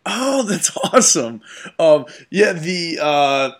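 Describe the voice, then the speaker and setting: Young male podcast host, higher voice, casual and giggly, animated storytelling. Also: slow pace. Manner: laughs often, animated impressions. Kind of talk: casual movie chat.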